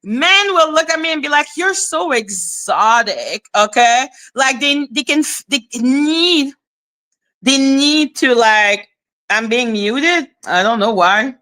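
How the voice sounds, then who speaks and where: High, bright-voiced woman chatting slowly. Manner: animated, talks to viewers with frequent "okay?" and laughter; swears casually. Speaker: livestream host. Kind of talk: casual livestream chat.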